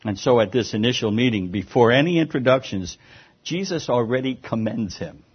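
A man preaching a sermon, lively and emphatic, often restarting his words. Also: mid-range voice, normal speed, breathy edge. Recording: dull lo-fi sound.

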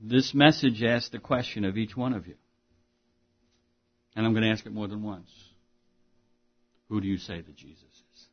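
A man preaching a sermon as pastor, earnest, dropping to a hush and then rising to stress a point. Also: fairly low pitch, highs cut off. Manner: earnest, swings between hushed and emphatic.

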